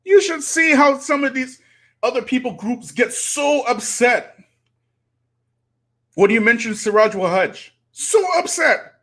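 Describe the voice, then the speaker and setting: A man's voice: very high voice, animated, a little slow, bright, forceful tone. A man, hosting a live stream and preaching to his audience with rhetorical challenges. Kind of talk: impassioned live-stream commentary.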